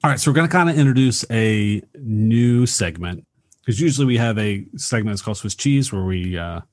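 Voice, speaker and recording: A man's voice: on the low side, lively intonation, brisk, a little mellow, dry recording. Easygoing man in a dry room. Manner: easygoing, steers segments. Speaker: podcast co-host. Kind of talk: casual movie podcast chat.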